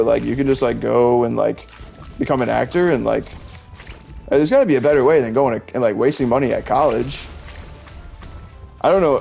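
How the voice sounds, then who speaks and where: A man's voice: medium pitch, creaky, darkish tone. A young man in his twenties chatting casually while gaming, rambling with constant "like"s and frequent laughs. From Illinois, USA. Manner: rambling, heavy use of "like", laughs often. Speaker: gaming streamer. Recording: faint game music behind.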